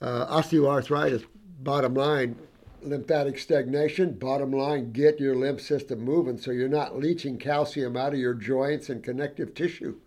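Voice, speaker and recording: A man's voice: medium pitch, steady tone, normal speed, darkish tone. A man working as a natural health practitioner, talking casually and enthusiastically to his audience about client cases, rambling with asides and repetitions and calling viewers sweetie and honey. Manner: acts out dialogue in anecdotes. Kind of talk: casual talk to an online audience.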